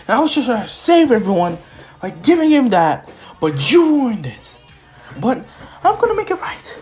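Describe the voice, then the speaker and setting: A man voicing a smug, unhinged male villain in a retold fan story, gloating and excitable. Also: a little high.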